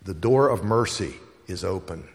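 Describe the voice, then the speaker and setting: A man's voice: deep voice, animated, moderate pace, in a large hall. A man preaching a sermon, telling stories and hammering home repeated phrases. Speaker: pastor.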